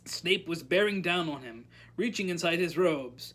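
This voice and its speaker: A librarian reading a novel aloud at storytime, animated and calling out the characters' lines. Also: medium pitch, normal speed.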